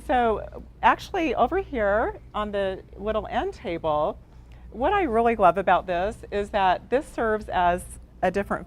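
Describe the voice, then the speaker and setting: A woman co-hosting a home decor class, agreeable and enthusiastic about the pieces. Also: medium pitch. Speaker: co-host designer.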